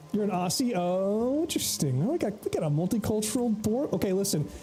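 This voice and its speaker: Joking Southern streamer with a mellow voice. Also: male voice, high-pitched, very animated, normal speed, faint music behind. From United States. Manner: joking, rambling, talks to chat. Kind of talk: casual gaming livestream chat.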